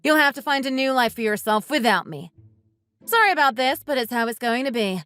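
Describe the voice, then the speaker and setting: A woman's voice: high voice, lively intonation, brisk, fairly bright tone, clean tone. A woman voicing a bitter, resentful wife who bluntly accuses her husband and wants a divorce. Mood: accusing. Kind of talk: text-message story dramatization.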